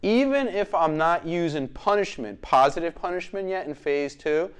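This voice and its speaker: A man's voice: lively intonation, normal speed, smooth. A man teaching dog training, explaining as he works with a dog. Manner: gives short commands and praise to a dog, explaining as he goes; slips into a high sing-song voice when talking to the dog. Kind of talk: hands-on training demonstration.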